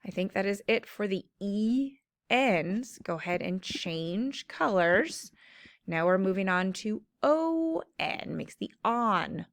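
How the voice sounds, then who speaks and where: A woman teacher giving a slow, clear phonics lesson to children, stretching out the sounds of words. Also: medium pitch, no room sound, clean studio sound.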